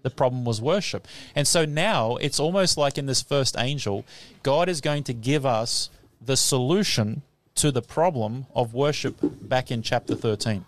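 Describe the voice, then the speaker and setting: Man, radio Bible teacher, lively, laughs often, questions the audience. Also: medium pitch, normal speed, hardly any pauses, no room sound. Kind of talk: live radio Bible study before a class. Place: tent or hall with a live audience.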